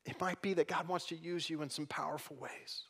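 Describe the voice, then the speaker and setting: A man delivers a sermon from a church pulpit in a voice pitched a little above the usual for men. He moves between quiet, hushed moments and loud, quick, emphatic stretches of preaching. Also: fairly even intonation, husky. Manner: swings from soft, hushed lines to loud, fast, emphatic preaching. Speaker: pastor. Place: church sanctuary.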